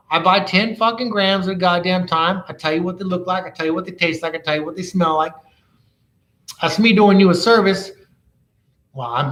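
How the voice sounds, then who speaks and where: A man's voice: sits high, fairly bright tone. A man who reviews cannabis products, ranting bluntly and swearing constantly in casual talk. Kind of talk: casual profane rant. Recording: echoey room.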